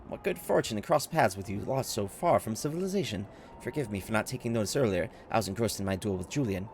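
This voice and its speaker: A man voicing a pompous, self-assured gentleman adventurer in a grand, flowery way. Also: lowish voice, lively intonation, fast, a little hiss or hum. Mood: courtly.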